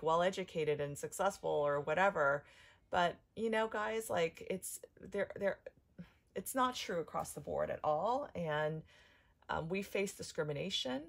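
A woman in her thirties talking into her camera at home in an emotional personal vlog, upset and halting, restarting sentences and filling gaps with "like". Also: lowish voice, vocal fry. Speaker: vlogger.

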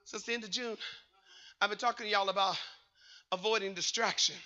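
Male pastor, very high and piercing voice, fervent call-and-response preaching. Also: fairly even intonation, brisk, highs cut off. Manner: fervent, rising to shouts, sing-song phrases. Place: church sanctuary.

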